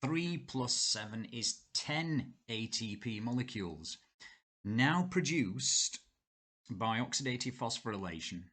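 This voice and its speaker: A man's voice: medium pitch, animated, takes it slowly, fairly bright tone. A man with a Yorkshire accent teaching a biology lesson, chatty and thinking aloud as he writes. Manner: chatty, thinks aloud and talks to himself while writing. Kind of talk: whiteboard lesson explaining step by step.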